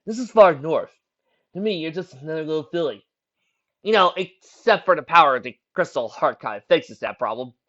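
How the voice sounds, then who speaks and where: A man's voice: fairly high pitch, animated, normal speed, pushed and bright, pitched above the performer's own voice. A cocky, laid-back young male pony, played by a man in a storybook reading. His talk bounces up and down with ease. The recording is dull and lo-fi. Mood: casual. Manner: cocky and casual.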